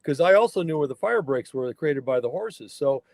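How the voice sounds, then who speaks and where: An older man from the Northern California mountains, talking in a folksy, emphatic way as he tells his story. His voice sits a bit high for a man. The close mic sounds dry. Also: animated, normal speed, creaky, darkish tone, no echo. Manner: folksy, emphatic, acts out dialogue in anecdotes. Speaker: guest, wild horse fire researcher. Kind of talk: conversational storytelling interview.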